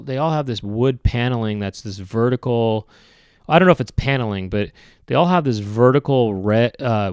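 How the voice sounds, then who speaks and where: A man with a smooth, mid-range voice and a darkish tone hosts a solo podcast, recorded dry at studio quality. His monologue rambles, meandering and hesitant, as he makes wry complaints about everyday habits.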